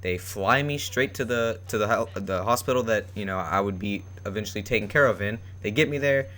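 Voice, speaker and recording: A man's voice: on the low side, a little fast, fairly bright tone. A young man telling a personal story in a rambling, casual way, with many fillers and restarts. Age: young adult. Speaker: vlogger.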